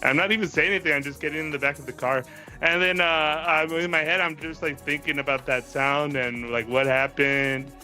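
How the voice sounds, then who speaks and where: Rambling man with a bright voice. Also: a little high, steady tone, fairly quick, faint music behind. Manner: rambling, heavy use of "like", laughs often, swears freely. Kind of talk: casual storytelling chat.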